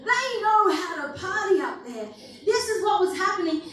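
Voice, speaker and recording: A high-voiced woman pastor preaching to her church in an easy, chatty manner and quizzing the room as she goes. Her voice bounces around a large, very echoey hall and is picked up from a distance. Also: very animated, normal speed, fairly bright tone. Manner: conversational and playful, asking the room questions. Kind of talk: sermon.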